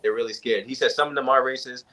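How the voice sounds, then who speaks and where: A man's voice: medium pitch, quick pace, a little hiss or hum. A young man telling stories casually to a group, acting out the quoted exchanges. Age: young adult. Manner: animated storyteller, acts out quoted exchanges. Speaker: panel guest. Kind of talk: casual storytelling in a group chat.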